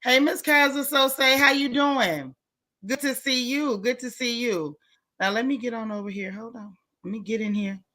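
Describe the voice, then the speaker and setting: A woman hosting a casual livestream, greeting viewers one by one in relaxed, slangy chat. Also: a little high, normal speed. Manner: warm, chatty, Southern American slang, greets viewers one by one. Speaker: livestream host.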